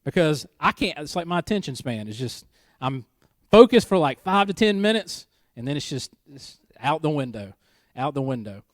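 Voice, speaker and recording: A man's voice: fairly high pitch, very animated, moderate pace, dry recording, studio quality. A married man preaching a church sermon in a conversational way, with joking asides and key lines repeated for emphasis. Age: adult, married. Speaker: pastor. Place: church service.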